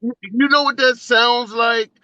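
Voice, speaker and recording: A man's voice: extremely high pitch, steady tone, unhurried, bright, forceful tone, highs cut off, slight background noise. A man hosting a live call-in show, arguing pointedly with a caller and then reading out viewer comments. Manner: pushes back hard, then reads comments and asks for likes. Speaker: host.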